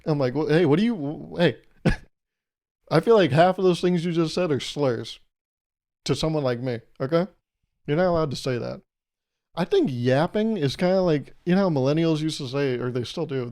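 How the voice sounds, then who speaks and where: A twenty-something man hosts his own podcast, rambling through a casual solo monologue full of self-deprecating jokes and asides. His voice sits on the high side with a darkish tone.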